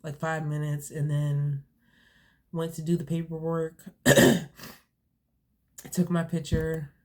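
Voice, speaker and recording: Young woman, vlogger, casual rambling, filler-heavy, sniffly, even flat delivery. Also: low-pitched, takes it slowly. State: sniffly from allergies. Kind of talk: casual storytelling to camera.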